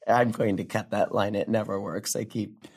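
A sardonic young comedian in a scripted drama rambles through a profane stand-up story in a full character voice that's slightly rough. She sounds brash and self-mocking, her pitch leaping high, then sinking low for a deadpan aside.

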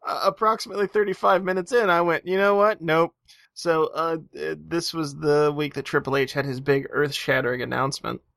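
A man's voice: on the high side, steady tone, fairly quick, creaky, few pauses, fairly bright tone, no room sound, studio quality. A man co-hosting a podcast in casual chat, sarcastic and profane. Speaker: podcast co-host.

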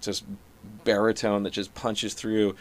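Animated man with a low voice. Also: a little slow. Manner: animated, shifts pace and loudness to illustrate rhythm; profane, conversational. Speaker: guest comedian and musician. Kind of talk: casual podcast conversation.

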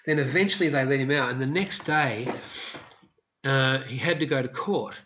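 A man's voice: normal speed, dull audio, slight background noise. A man who worked as a street performer, telling stories casually in an interview and acting out the voices of people he quotes. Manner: animated storyteller, acts out quotes in high shouts.

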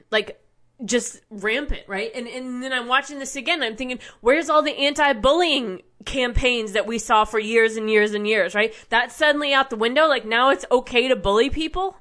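A woman with a somewhat high voice rants in a personal monologue, indignant and blunt, with swearing and frequent restarts. She talks like the regular host of her own show. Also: a bit bright. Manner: indignant, profane, rambling with many restarts.

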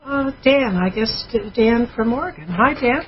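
A woman's voice: a little high, animated, moderate pace, slight background noise. A woman co-hosting a call-in radio show, reading listener messages aloud in a chatty way. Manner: reads letters aloud, chatty with fillers. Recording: muffled radio broadcast with music.

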